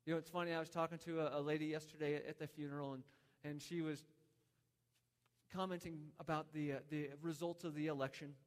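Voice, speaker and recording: Pastor, male, 30s, slightly higher voice, earnest storytelling sermon, long hall reverb. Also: level tone, brisk. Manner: storytelling, earnest, with many restarts.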